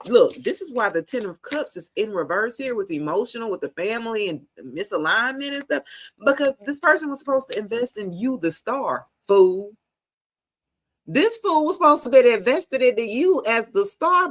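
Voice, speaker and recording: Laughing, profane woman reading tarot. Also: a little high. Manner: casual, profane, laughing often, talks to viewers as y'all. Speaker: tarot reader.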